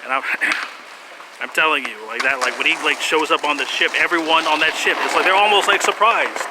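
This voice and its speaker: A man's voice: a little high, moderate pace, heavy background noise. A man rambling through a casual monologue, laughing often, swearing, and trailing off into fillers and restarts.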